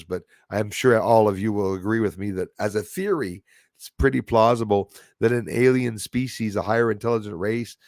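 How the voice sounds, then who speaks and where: Rambling man with a low, dry voice. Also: no room sound. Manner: rambling, with many fillers and restarts. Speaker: host. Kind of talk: casual live-stream talk.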